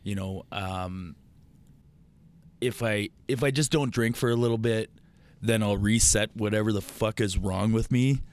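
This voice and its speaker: Guy guesting on a podcast, fairly low voice, swears freely, animated. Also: unhurried. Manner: profane, animated storyteller. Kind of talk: casual storytelling.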